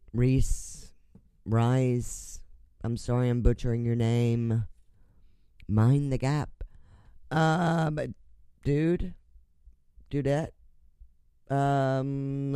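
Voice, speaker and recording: A laid-back man runs his own radio show, drawling slowly in a smooth, resonant voice. He rambles, swears often and laughs at his own slips. The sound is dry and close, with no room around it. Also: mid-range voice, mellow, no echo. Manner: profane, rambling, laughing at himself; drinks on air. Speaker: online radio show host. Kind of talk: casual radio banter reading listener messages.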